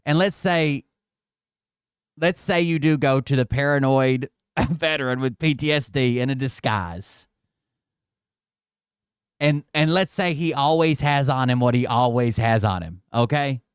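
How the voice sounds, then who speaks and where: Sarcastic swearing man, smooth voice. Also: medium pitch, a little slow, long pauses, no echo, studio quality. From Tennessee. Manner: sarcastic, mocking, swears freely. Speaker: commentary channel host. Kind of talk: casual reaction commentary.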